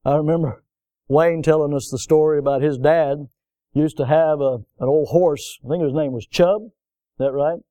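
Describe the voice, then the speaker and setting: A man preaches in a mellow, somewhat high voice, telling folksy stories as he goes. He swings between loud, driving emphasis and quieter, softer passages. The sound is dry and close. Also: steady tone, normal speed, no room sound. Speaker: pastor. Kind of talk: sermon.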